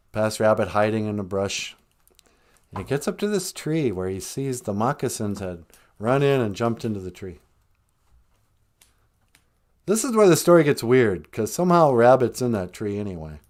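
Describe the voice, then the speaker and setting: A man's voice: fairly low pitch, lively intonation, unhurried, pauses often, darkish tone. A man retelling a traditional tale on a podcast in a casual, chatty way, with joking asides. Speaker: podcast storyteller. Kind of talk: casual storytelling.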